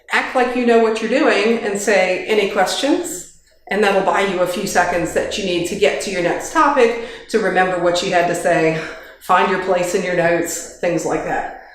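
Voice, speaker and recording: A woman giving an informal workplace training talk in a kitchen, chatty and practical, with light joking asides, speaking into a handheld microphone. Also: medium pitch. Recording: very echoey kitchen.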